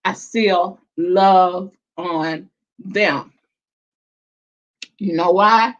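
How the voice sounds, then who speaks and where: A woman hosts a casual livestream chat, talking slowly in a fairly low voice. She's warm, affectionate and emotional, drawing out her words and calling viewers "baby" and "child," and the stream audio sounds dull and lo-fi.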